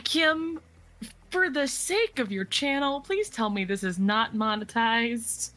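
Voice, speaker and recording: A woman's voice: a little high, takes it slowly, bright, forceful tone. A woman joking playfully in a casual group chat. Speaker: voice actor guest.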